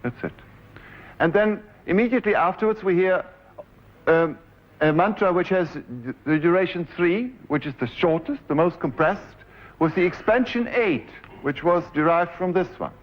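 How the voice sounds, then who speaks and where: German-accented man directing musicians, fairly high voice. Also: expressive, moderate pace, slight background noise. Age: 40s. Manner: explains step by step, directs players, hums and sings example phrases. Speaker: composer giving a lecture. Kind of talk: lecture with live musical demonstration. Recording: dull 1970s lecture recording. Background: faint piano music.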